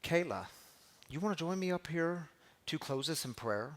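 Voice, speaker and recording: A man's voice: a little high, lively intonation, normal speed, a bit bright. Encouraging man leading a recovery meeting. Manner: encouraging, conversational. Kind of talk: casual spoken ministry talk.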